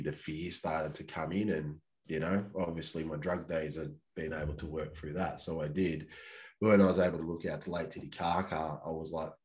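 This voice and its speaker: A man's voice: extremely low pitch, level tone, normal speed, darkish tone. A man with an Australian accent, a podcast guest telling a long personal story in a rambling, laid-back, swear-heavy way. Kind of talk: casual storytelling.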